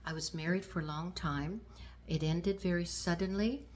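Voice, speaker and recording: A woman in her sixties from Canada, hosting her own vlog and talking to the camera in a gentle, unhurried way with fillers. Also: lowish voice. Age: 60s. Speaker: vlog host. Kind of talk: casual talk to camera.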